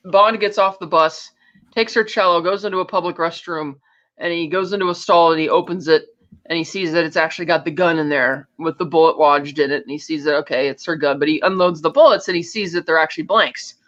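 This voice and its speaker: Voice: mid-range voice, steady tone, fairly quick, fairly bright tone. Podcast co-host, casual film recap, plot narration, muffled audio. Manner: retells plot scene by scene, acting out characters' lines. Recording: dull lo-fi audio.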